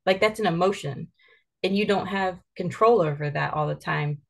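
Woman with a lowish gravelly voice, earnest mom telling a story on a podcast. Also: normal speed. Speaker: mother of kids. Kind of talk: candid podcast conversation.

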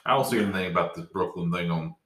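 A man's voice: low voice, racing, a bit bright, reverberant, recorded from a distance, slight background noise, poor audio. A man co-hosting a casual sports chat in a laid-back, conversational way.

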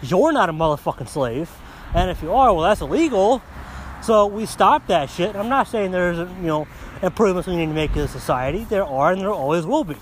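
A man's voice: high voice, lively intonation, a little fast, a little hiss or hum. A man hosting a podcast, delivering a coarse, heated monologue full of swearing, recorded on a phone outdoors. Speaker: podcast host. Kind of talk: profane ranting monologue.

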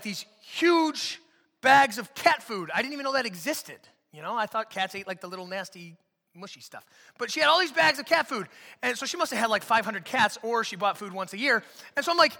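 A man preaching from a church stage in a high, very bright, forceful voice, loose and conversational, slipping jokes into his sermon. His voice carries a long reverb from the hall around him. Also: vocal fry. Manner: casual, joking, conversational preaching. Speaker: pastor.

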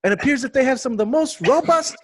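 A cheery male podcast fan in a put-on Australian accent, voiced by a man. The voice is pitched far above his usual talk and swings wildly. The delivery is sing-song and over the top. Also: animated, fast, fairly bright tone, full character voice. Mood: chirpy.

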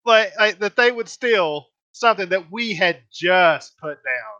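A man's voice: sits high, animated, measured pace, bright, forceful tone, dry recording, lo-fi sound. A man co-hosting a podcast in casual chat, telling a story. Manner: rambling storyteller with many restarts and fillers. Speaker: podcast co-host.

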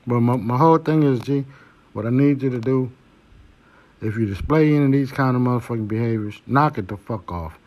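A man's voice: mid-range voice, brisk, a little mellow. A man hosting a podcast, giving blunt, preachy advice with heavy cursing. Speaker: podcast host. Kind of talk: profane monologue.

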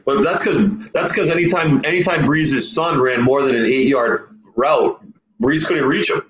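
A man's voice: medium pitch, moderate pace, a bit bright, echoey room, slight background noise, low-quality recording. A male co-host tossing in wry football takes. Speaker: podcast co-host. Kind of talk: casual sports chat.

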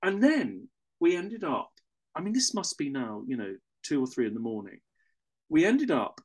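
An English man telling a personal story in a casual, rambling way, often correcting himself mid-sentence. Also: on the high side. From England. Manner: rambling, self-correcting, with chuckles.

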